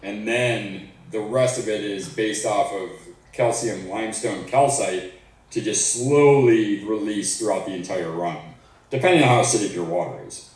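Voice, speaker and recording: A man's voice: lowish voice, moderate pace, a little mellow. A man who makes soil products, explaining technical details in a casual chat. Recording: far from mic in a very echoey room.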